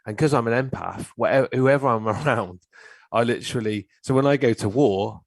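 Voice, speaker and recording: A middle-aged man telling stories in casual chat, animated and swearing freely. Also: medium pitch, fairly quick, creaky, no echo. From England. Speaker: guest, therapist.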